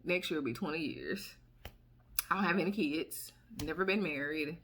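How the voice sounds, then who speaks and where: A woman, chatting casually to camera as a vlogger, sassy and quick to laugh and exclaim. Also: low voice, lively intonation, fairly bright tone, a little hiss or hum. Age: 30s.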